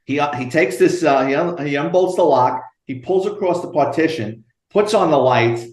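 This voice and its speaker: A retired police detective, telling profane, animated stories in an interview. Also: male voice, fairly high pitch, normal speed, roomy sound. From United States. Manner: animated, profane storyteller acting out dialogue. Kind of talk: storytelling interview.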